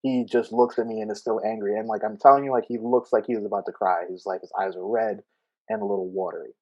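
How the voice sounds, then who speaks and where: A man co-hosting a podcast, telling a story in casual chat, animated and laughing as he acts out what people said. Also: on the low side, fast talker, muffled recording. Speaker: podcast co-host.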